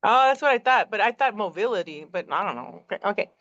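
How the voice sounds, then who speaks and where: A woman's voice: medium pitch, lively intonation, fast talker, fairly bright tone, dry recording. A middle-aged woman hosting a casual podcast, reading aloud and chatting, profane and laughing at herself. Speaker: podcast host. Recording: dull, dry lo-fi audio.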